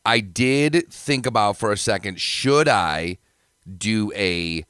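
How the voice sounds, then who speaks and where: A man hosts a casual podcast chat, his voice sitting low and recorded dry and close. He rambles in a self-deprecating way, talking through mouthfuls of food. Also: expressive, slow pace, fairly bright tone, smooth, no echo. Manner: rambling, self-deprecating, talks while eating. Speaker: podcast host.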